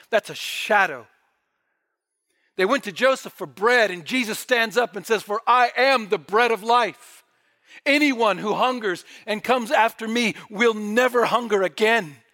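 A man preaching a sermon with fervent delivery, swelling loud and dropping to near-quiet. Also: high-pitched. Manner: fervent, rising and falling in volume.

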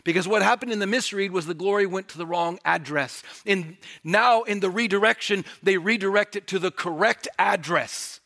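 Animated high-voiced male preacher. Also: normal speed, hardly any pauses. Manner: animated, rising to near-shouts on emphasis. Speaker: pastor. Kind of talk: sermon.

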